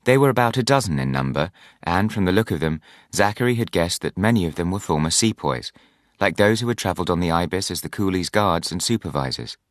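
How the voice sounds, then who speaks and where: A man with a very deep voice reads a novel aloud in measured, scripted narration. The recording is dry and close, with no room sound. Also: lively intonation, no room sound. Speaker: audiobook narrator.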